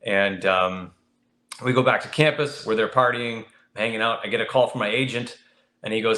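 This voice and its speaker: A young man telling a story as a podcast guest, animated and jumping into high voices when he acts out his friends. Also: moderate pace. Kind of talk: casual storytelling. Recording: echoey room.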